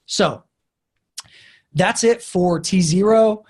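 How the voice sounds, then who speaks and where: A man's voice: high voice, takes it slowly, breathy edge. A man giving a casual, enthusiastic webinar talk on crypto investing, chatty and full of fillers.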